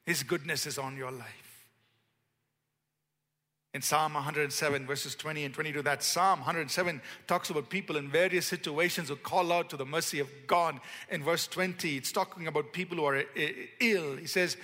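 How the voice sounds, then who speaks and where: A man's voice: a little high, fairly even intonation, sharp tone. Emphatic male preacher in a reverberant hall. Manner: emphatic, slows to stress key words; leads congregation in call-and-response. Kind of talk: sermon.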